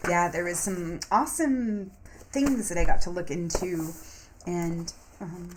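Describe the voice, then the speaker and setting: A woman with a fairly low voice talks through her week like a spoken journal. She moves between slow, gentle affirmations and blunt, profane outbursts. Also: slight background noise. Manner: affirmations, mixing calm reflection with sudden profane venting. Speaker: spiritual vlogger.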